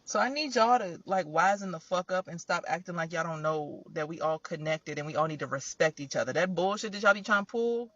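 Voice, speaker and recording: A woman's voice: lowish voice, fairly quick, few pauses, fairly bright tone, no room sound, highs cut off. A young woman, delivering an emotional, profane, preachy rant straight to camera. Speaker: content creator.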